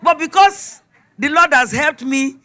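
Bright-voiced Nigerian woman preaching a testimony. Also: high voice, a little slow. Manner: storytelling, emphatic, animated retelling. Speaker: speaker giving a testimony.

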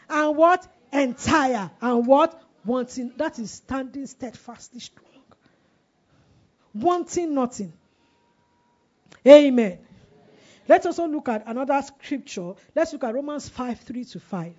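A woman in her forties preaches a sermon in a fairly high, animated voice with a darkish tone and normal speed. She emphatically asks the congregation questions and lets them respond, call-and-response style, on a dull lo-fi recording.

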